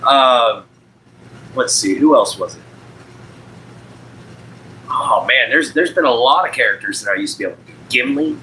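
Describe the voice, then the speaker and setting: Young American male host, casual live-stream chatter with frequent laughs, a bright and lively voice. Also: mid-range voice, normal speed, long pauses, slight background noise, low-quality recording. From United States. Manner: chatty, laughs often, reads out chat. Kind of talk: casual chat with viewers.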